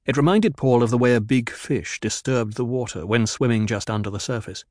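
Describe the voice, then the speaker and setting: A steady male audio drama narrator. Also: medium pitch, a little fast, dry recording, clean studio sound.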